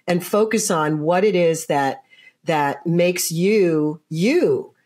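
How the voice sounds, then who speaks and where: A woman in her sixties hosts an interview conversation, thinking aloud with many fillers. Her voice sits a little low for a woman. She sounds thoughtful and unhurried. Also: darkish tone. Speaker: host.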